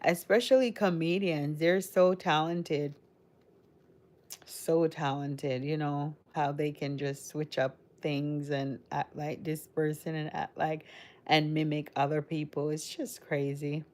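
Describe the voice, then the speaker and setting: A woman's voice: sits low, fairly even intonation, takes it slowly, a little mellow. A woman with a Caribbean accent mixed with American, chatting casually with viewers on a livestream in a rambling way. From Caribbean, raised in Connecticut. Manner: chatty, rambling, addresses chat directly. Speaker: livestream host. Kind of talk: casual live-stream chat with viewers.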